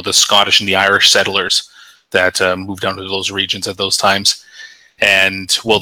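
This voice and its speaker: A man's voice: deep voice, pushed and bright, no room sound, rough recording. A man from Canada explaining at length in a casual group chat, with many fillers and restarts. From Canada (British Columbia).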